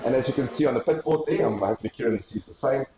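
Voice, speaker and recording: A man with a South African accent commentating live on an esports race, an excitable play-by-play caller who rises in pitch with the action and uses plenty of fillers. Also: racing, reverberant, muffled recording, a little hiss or hum.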